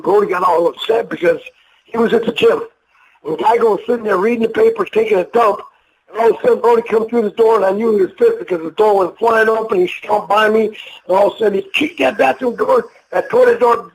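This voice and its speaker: An older man, once a professional wrestler, speaks in a fairly high voice on a low-quality recording with a little background noise. In a casual interview he rambles through profane, emotional stories, acting out the voices of the people in them.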